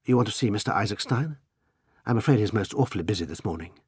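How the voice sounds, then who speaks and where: A pale, fussy young clerk hurrying out his words in a prim, dismissive rush, as the reader puts him on. Slightly husky, close and dry. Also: fairly low pitch, expressive, quick pace, darkish tone, no room sound.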